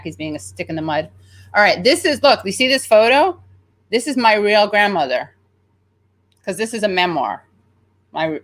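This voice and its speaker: A woman's voice: lowish voice, fairly bright tone. An American woman in her thirties hosting a casual livestream, rambling chattily and reading viewer comments aloud. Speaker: show host.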